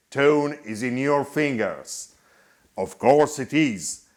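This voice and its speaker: A man narrates a scripted guitar review voice-over in a measured, explanatory manner. He talks slowly and keeps his pitch moving up and down. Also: a bit bright.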